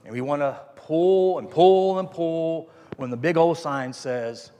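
A man's voice: on the high side, unhurried, dark tone. A man preaching a sermon as pastor, folksy and emphatic, repeating his phrases for weight. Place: church hall. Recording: echoey hall reverb.

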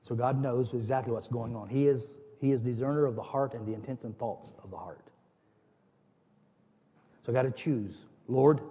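A man preaching a sermon as pastor, with animated storytelling that acts out scenes. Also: medium pitch, breathy edge. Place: church. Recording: long reverb of a church hall.

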